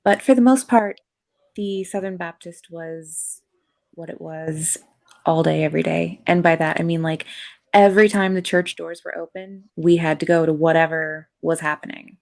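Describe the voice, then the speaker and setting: A woman's voice: lowish voice, steady tone, moderate pace, vocal fry. A woman on a podcast panel, talking candidly and rambling with many fillers in casual chat.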